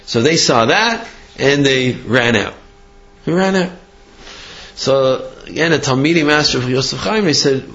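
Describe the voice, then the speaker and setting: A man telling a story to a class in an animated way, with frequent restarts and acted-out quotes. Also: mid-range voice, measured pace. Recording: muffled lo-fi recording.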